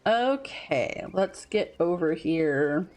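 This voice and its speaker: Animated woman streaming a game. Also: lowish voice, slow pace. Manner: animated, swears, trails off mid-thought. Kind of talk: casual gameplay stream chat.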